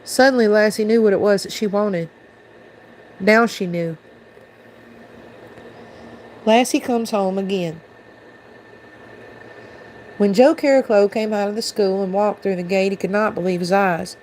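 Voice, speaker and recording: A woman's voice: mid-range voice, fairly even intonation, unhurried, long pauses, darkish tone, slight background noise, rough recording. Woman reading a storybook aloud. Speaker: channel host reading aloud.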